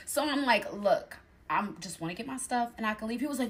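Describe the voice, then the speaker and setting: Young woman, slightly high voice, animated storyteller who plays every character herself. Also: brisk. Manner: animated, acts out the other voices in her story. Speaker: storyteller in a clip. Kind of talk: casual storytime.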